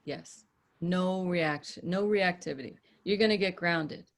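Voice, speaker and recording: A woman's voice: on the low side, a little slow, gravelly. A woman hosting a podcast as a relationship coach, talking to a small group in a direct, matter-of-fact way and acting out examples.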